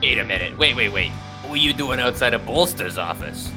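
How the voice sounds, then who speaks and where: A man's voice: medium pitch, lively intonation, fairly quick, gravelly, over music. A man playing a tabletop role-playing game, joking around and describing his character's actions. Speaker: player.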